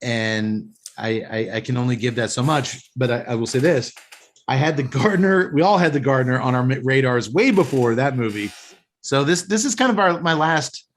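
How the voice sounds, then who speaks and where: A man's voice: mid-range voice, lively intonation, moderate pace, slight background noise. Podcast host guy, rambly and opinionated, trips over his words a lot, normal mid voice. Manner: rambling, opinionated, frequent restarts. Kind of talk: casual chat.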